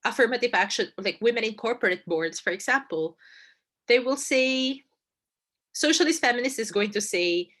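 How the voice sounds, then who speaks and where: A woman's voice: fairly high pitch, animated, moderate pace, fairly bright tone. A woman giving a casual debate lecture, conversational and emphatic, often tagging points with "right?" and repeating phrases for stress. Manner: conversational, frequent "right?" and "you know" asides.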